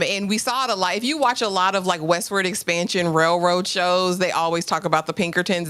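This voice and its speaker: Lively woman hosting a live recap. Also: medium pitch. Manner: animated, acts out lines from the scene. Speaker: host. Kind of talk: live show recap discussion.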